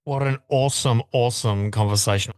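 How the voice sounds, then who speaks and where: A man's voice: medium pitch, fairly quick, clean tone, no room sound, clean studio sound. A man hosting a podcast in casual interview chat, friendly and enthusiastic, calling his guest mate. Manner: friendly, warm words, says mate. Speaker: podcast host.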